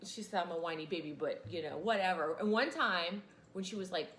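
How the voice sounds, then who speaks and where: A woman's voice: lowish voice, fairly quick, fairly bright tone, a little hiss or hum. Chatty woman teacher, echoey room. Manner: chatty, rambling with fillers and asides. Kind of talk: casual classroom lecture.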